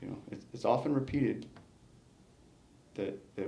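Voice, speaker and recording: A man's voice: mid-range voice, measured pace, gravelly, mellow, echoey room, a little hiss or hum. A man, a retiring battalion chief, reflecting in an exit interview, emphatic and given to restarts. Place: indoor meeting room.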